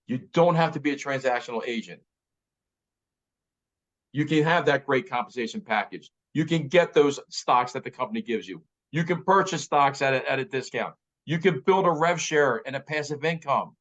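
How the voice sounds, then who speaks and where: A man in his fifties giving an emphatic motivational talk as a real estate director, repeating key phrases. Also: medium pitch. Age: 50s. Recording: slightly muffled audio.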